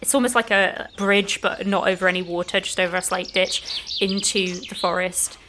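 A woman's voice: mid-range voice, normal speed. A woman narrates as game master of a tabletop game, painting the scene at an easy pace. She fills her sentences with casual "like"s and "you know"s. A faint noise sits under the recording. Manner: relaxed, descriptive, frequent "like" fillers.

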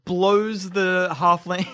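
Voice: medium pitch, little pitch movement, drawn-out words, fairly bright tone, clear, resonant tone. A game master narrating a tabletop fight in gory, laughing detail, full of fillers. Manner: laughing, gory play-by-play with many "like"s.

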